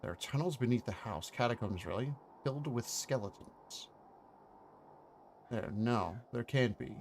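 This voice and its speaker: A man's voice: mid-range voice, lively intonation, unhurried, gravelly, a little hiss or hum. A man voicing a loyal, protective older manor servant with a Scottish accent, using dialect words and old-fashioned grammar. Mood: puzzled.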